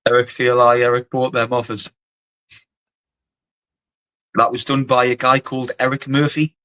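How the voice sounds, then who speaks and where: A middle-aged Geordie man tells his army stories in a blunt, rambling way, full of swearing and filler words. His pitch sits in the everyday middle, and the sound is dry and close with no room around it. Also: little pitch movement, normal speed, bright, forceful tone, dry recording, low-quality recording. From North East England. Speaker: guest, former soldier and boxer. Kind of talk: casual storytelling interview.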